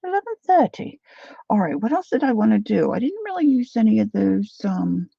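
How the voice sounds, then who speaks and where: A woman's voice: mid-range voice, sing-song, a little fast, vocal fry, breathy edge, no echo, dull audio. A woman hosting a casual crafting livestream, chatting and thinking aloud as she works and answering viewers. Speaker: craft channel host.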